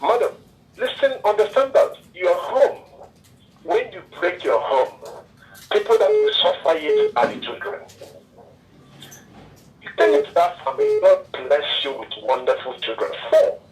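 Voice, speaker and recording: Lively, effusive man caller. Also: high voice, measured pace, far from the mic, low-quality recording. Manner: effusive, pleading. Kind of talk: radio phone-in call.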